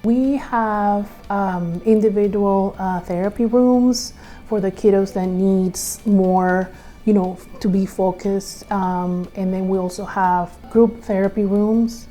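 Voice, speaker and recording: Hesitant woman owner with a mellow voice. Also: medium pitch, steady tone, faint music behind. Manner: halting, searching for words, emotional. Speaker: clinic owner and parent. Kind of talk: interview.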